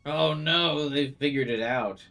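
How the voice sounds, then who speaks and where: A man's voice: on the high side, measured pace, creaky. A man giving casual, sarcastic commentary while playing a video game, asking questions and poking fun at the story. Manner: chatty, quizzical, sarcastic. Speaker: gameplay commentator. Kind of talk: casual let's-play commentary. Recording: voice over loud game music.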